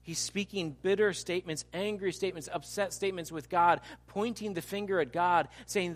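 A male pastor delivering a sermon in a fairly high voice. He talks with animated energy, dropping to quiet asides and then building to loud, emphatic lines. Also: moderate pace, few pauses.

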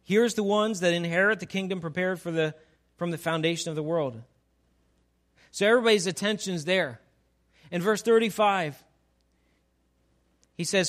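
A man's voice: fairly high pitch, normal speed, pauses often, fairly bright tone. A man preaching a sermon, who reads scripture and acts out its dialogue with playful humor. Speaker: pastor.

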